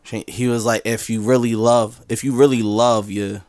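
A man on a casual podcast, telling a story and acting out the dialogue with animated banter. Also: medium pitch, moderate pace, no room sound, soft background music. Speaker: podcast co-host.

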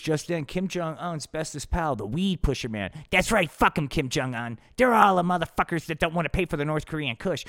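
A man's voice: medium pitch, expressive, moderate pace, hardly any pauses, a bit bright. Rambling, profane man narrating a puppet show. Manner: rambling, profane, laid-back. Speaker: podcast host.

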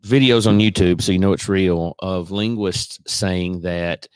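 A Southern US man co-hosting a podcast, rambling and laughing as he jokes with his friends. His voice sits low, and it sounds dry and close, with no room echo. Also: fairly even intonation, a little slow, a little mellow, clean tone. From American South. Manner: rambling, joking, laughs often. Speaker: podcast co-host. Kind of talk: casual chat.

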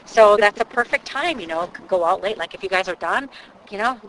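A woman guide chats about ghost hunting in a lively, storytelling way. She is outdoors near a waterfront, and faint traffic and open-air ambience sit behind her voice. Her pitch is middling for a woman. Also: fairly quick, poor audio. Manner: chatty, animated storyteller. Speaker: paranormal investigator guide. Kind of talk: casual explanatory chat.

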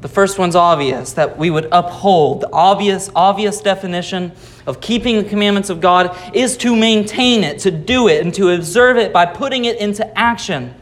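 Guy preaching in church, high-ish voice, explains slowly, says things twice. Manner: explanatory, repeats phrases for emphasis. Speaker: pastor. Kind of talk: sermon.

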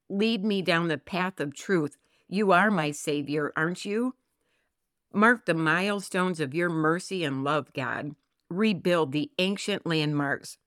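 A woman co-hosting a Christian podcast, talking earnestly and reading scripture slowly and expressively. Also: sits low, a bit bright, no echo, studio quality. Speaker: podcast co-host.

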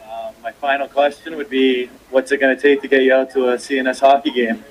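A man's voice: medium pitch, little pitch movement, fairly quick, low-quality recording. A man, a hockey coach, speaking plainly and matter-of-factly.

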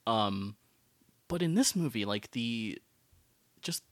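A man's voice: medium pitch, lively intonation, slow, no room sound. A man co-hosting a casual film podcast, talking in rambling runs full of fillers and restarts. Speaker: podcast co-host.

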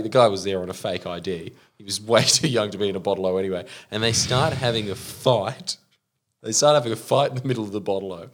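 A man's voice: lowish voice, fast. Australian man telling a rowdy story. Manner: animated storyteller, swears, acts out quotes in loud put-on voices. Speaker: podcast host. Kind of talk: casual podcast banter.

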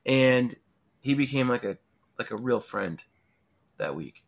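Man, game designer guest, rambling storyteller, says "like" constantly, mid-pitched voice. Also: lively intonation, measured pace. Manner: rambling, heavy use of "like". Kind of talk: excited storytelling in an interview.

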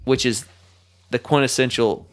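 This man co-hosts a podcast, speaking at a normal speed in a steady, mid-range voice. He's in a loose, joking mood, wandering from gag to gag with plenty of laughter.

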